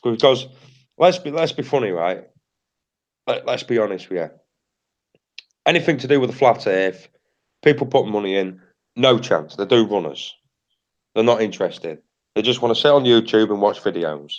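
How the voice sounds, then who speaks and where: A man's voice: on the low side, animated, normal speed, pauses often, dull audio. A British man hosting a livestream in casual chat, blunt and repetitive, swearing freely. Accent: British English. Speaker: livestream host.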